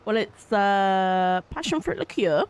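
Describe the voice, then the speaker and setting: A woman's voice: mid-range voice, animated, slow pace, clear, resonant tone. Friendly woman on a stream. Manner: friendly, thanks viewers, describes cocktails. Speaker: co-host of a farming game livestream. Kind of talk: casual live-stream chat.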